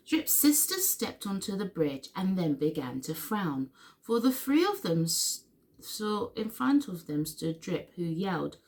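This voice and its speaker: A woman reading a children's picture book aloud for storytime in an expressive, sing-song way. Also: on the low side, a little slow. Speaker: story reader.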